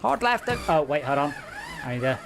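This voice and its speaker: Male streamer, casual gaming chat, joking and self-deprecating, very lively pitch. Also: moderate pace, vocal fry, background noise. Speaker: streamer playing co-op driving game.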